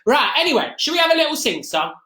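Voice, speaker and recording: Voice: high-pitched, sing-song, quick pace, pushed and bright, exaggerated voice. A performer playing Mrs Mabel Green, a chatty, gossipy middle-aged Nottingham woman with an East Midlands accent, rambling through a comic live-stream monologue. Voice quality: rambling, gossipy, with many fillers and asides. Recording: echoey room.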